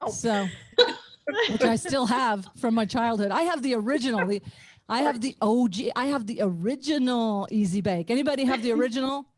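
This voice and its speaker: A woman's voice: on the high side, moderate pace, no echo. A middle-aged woman with an Ozark twang doing self-mocking stand-up comedy over a video call from her garage studio, laughing often. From Ozarks, USA. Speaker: comedian and former nurse.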